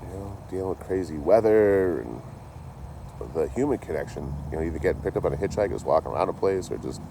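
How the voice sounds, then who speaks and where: Low, mellow man rambling. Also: fast talker, creaky, slight background noise. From Massachusetts. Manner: rambling and profane, full of "you know". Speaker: traveling vlogger. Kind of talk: casual chat.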